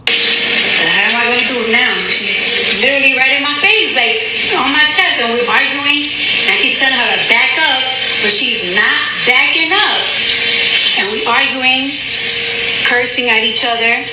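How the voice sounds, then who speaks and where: A woman testifying as a witness, recounting an argument in an animated way, repeating herself and saying "like" a lot. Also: sits high, moderate pace. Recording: echoey courtroom audio with heavy noise.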